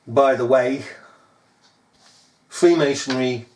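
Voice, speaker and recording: A man's voice: mid-range voice, slow, a little mellow, a little hiss or hum. A man preaching a fiery sermon, scolding his listeners with pointed rhetorical questions.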